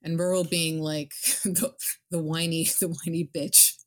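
A woman co-hosting a casual chat about a video game. She rambles, swears casually and gets animated. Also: sits low, unhurried. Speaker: podcast co-host.

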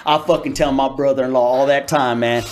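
A man's voice: medium pitch, fairly even intonation, brisk, a little mellow, close to an everyday voice. A man acting out a big burly male fan who is rowdy, friendly and swears a lot. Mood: gushing. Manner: brash, swearing.

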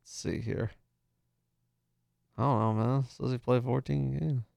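A man's voice: mid-range voice, fairly even intonation, unhurried, creaky, a little mellow, no room sound. A man co-hosting a sports podcast, teasing and arguing in casual debate, repeating lines for emphasis. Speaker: podcast co-host.

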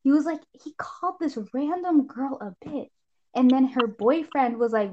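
Young woman rambling thru gossip on a podcast, animated, kinda muffled audio. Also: high voice, a little hiss or hum. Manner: rambling, animated, quick shifts into shrieking impressions. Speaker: podcast co-host. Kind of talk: casual gossip chat. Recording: dull lo-fi sound.

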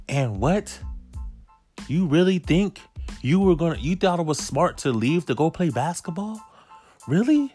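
A man in his thirties telling a casual story straight to his viewers, animated, stacking rhetorical questions and cursing casually. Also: a little high, moderate pace, faint music behind.

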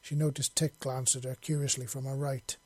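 An audiobook reader narrates a science fiction story at a steady, even, brisk pace. His medium-pitched voice is husky and mellow with very little rise and fall, recorded close and dry with no room sound.

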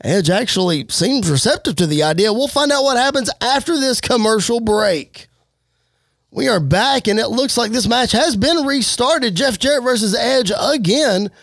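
A man giving energetic play-by-play wrestling commentary over a game. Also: extremely high pitch, moderate pace, no room sound, clean studio sound. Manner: energetic play-by-play, occasional slips. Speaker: game narrator.

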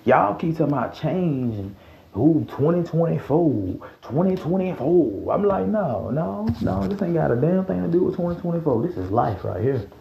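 A man hosting a casual podcast rant, heated and profane, dropping to low mutters and jumping up to high yells. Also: sing-song, fairly quick, gravelly, few pauses, a little hiss or hum. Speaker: podcast host. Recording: roomy, dull lo-fi sound.

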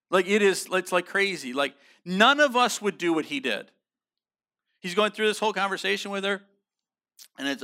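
A pastor preaching a sermon, earnest and emphatic, with casual slang and frequent restarts. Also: male voice, sits high, gravelly, sharp tone. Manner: frequent restarts and repeated words.

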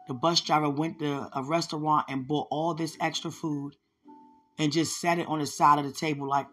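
A woman's voice: low-pitched, fairly even intonation, moderate pace, fairly bright tone, faint music behind. A woman hosting a podcast, telling her personal testimony in an earnest, conversational way and speaking straight to her listeners. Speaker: podcast host sharing a testimony.

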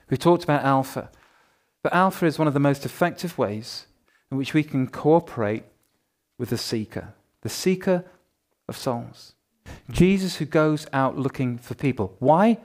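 A man, a pastor giving church notices in a lively, jokey, conversational way to his congregation. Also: on the high side.

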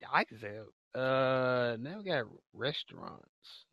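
On a slightly muffled, dry lo-fi mic, a man co-hosting a laid-back podcast asks questions in easygoing slang. He speaks slowly in a mid-range, gravelly, sing-song voice.

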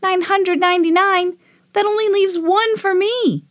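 A woman's voice: on the high side, big pitch swings, unhurried, dry recording, clean studio sound, pitched above the performer's own voice. A woman playing an eager young boy. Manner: eager, pleading.

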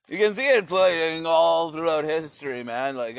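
A man's voice: fairly high pitch, lively intonation, normal speed, creaky, hardly any pauses. A man talking in a rambling, profane philosophical monologue, repeating his phrases as he goes.

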